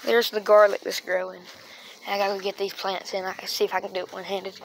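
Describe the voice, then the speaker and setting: A woman's voice: mid-range voice, fast talker, gravelly. A woman vlogging outdoors at night, chatting and rambling to her viewers while holding a phone. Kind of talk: casual rambling vlog. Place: outdoors at night, yard and street. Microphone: phone held in hand. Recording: phone recording with steady background noise.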